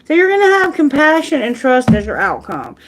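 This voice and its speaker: A woman giving a live tarot reading in a chatty, animated and frank way, with jokes. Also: high-pitched, fairly quick, low-quality recording. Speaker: tarot reader.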